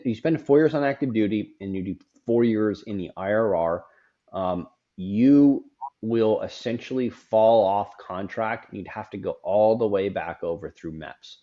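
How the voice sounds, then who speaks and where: A middle-aged man hosts a podcast in a casual, frank, rambling way, often repeating words as he talks. His voice is on the low side and warm, and the lo-fi recording sounds dull.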